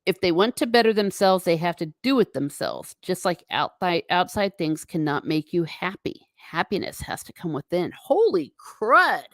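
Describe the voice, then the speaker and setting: A woman hosting a casual livestream from home, chatting with viewers in a wandering way and breaking off into quick asides to herself. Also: lowish voice, no room sound, studio quality. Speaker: livestream host.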